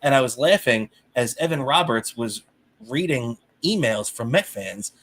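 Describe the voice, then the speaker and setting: A man co-hosting a sports podcast, ranting in heated, animated casual talk and swearing freely. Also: mid-range voice, unhurried. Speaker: podcast co-host.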